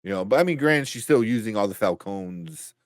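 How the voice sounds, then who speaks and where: A man chats loosely on a live show, piling up fillers and restarting his sentences as he laughs along. His voice sits on the low side. The sound is dry and close to the mic. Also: lively intonation, fairly quick, no echo. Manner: rambling, many fillers and restarts, laughs often. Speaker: podcast co-host reading chat. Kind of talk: casual live-stream chat.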